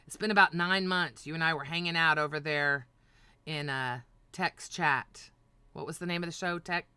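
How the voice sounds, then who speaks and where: A woman hosting a livestream, ranting with heavy profanity and often breaking into shouts. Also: low-pitched, normal speed, smooth, no room sound. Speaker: livestream host. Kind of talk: heated livestream rant.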